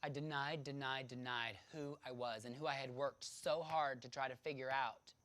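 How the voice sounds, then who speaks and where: Brief: a man of average pitch, lively and dramatic as he tells his own story. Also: moderate pace. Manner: animated, laughing, dramatic. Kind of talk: personal storytelling to an audience.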